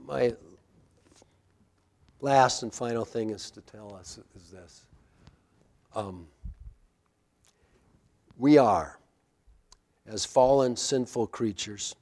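A middle-aged male pastor preaching a sermon in an animated, storytelling way. His voice sits at an ordinary middle pitch. He swings between loud, excited bursts and quiet, low asides. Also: drawn-out words, pauses often.

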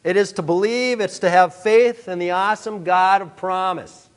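A man with a somewhat high voice delivers an earnest sermon to his congregation. He presses his points with emphasis and fills pauses with frequent "uh"s. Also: fairly even intonation, clean tone. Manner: earnest, emphatic, many "uh" fillers. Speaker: pastor.

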